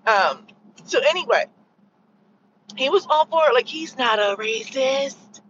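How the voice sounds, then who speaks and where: A woman's voice: high voice, lively intonation, unhurried, fairly bright tone, dull audio, slight background noise. A woman giving her opinions in a casual, rambling vlog, sarcastic and full of fillers, seemingly recorded in a car. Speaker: vlogger sharing opinions.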